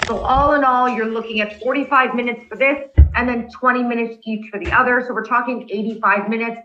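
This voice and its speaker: A woman teaching an online class, her voice sitting a little high and sounding bright and forceful. She explains things patiently, step by step, and checks in often. The video call audio is dull and lo-fi. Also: fairly even intonation, a little fast, a little hiss or hum. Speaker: instructor.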